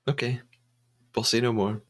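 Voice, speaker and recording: A British man hosting a podcast, retelling a reality show episode in a lively, storytelling way with frequent laughs. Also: mid-range voice, normal speed. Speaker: podcast host. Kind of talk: casual podcast recap.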